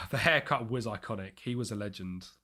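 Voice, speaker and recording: A young man streaming live, chatting and thinking aloud over a football management game, with excited bursts at chances. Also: on the low side, normal speed, husky. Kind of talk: live gameplay commentary.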